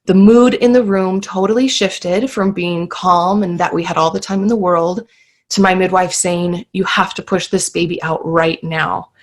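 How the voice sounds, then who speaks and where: A woman's voice: lowish voice, fairly even intonation, moderate pace. Earnest woman telling a personal story. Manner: earnest, emotional, many fillers. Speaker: guest sharing birth story. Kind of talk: podcast interview storytelling.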